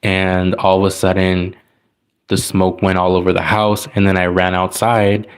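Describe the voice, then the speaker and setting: A man's voice: low voice, completely flat delivery, moderate pace, smooth. A man telling a personal story in casual, rambling talk, full of likes and restarts. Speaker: tarot reader.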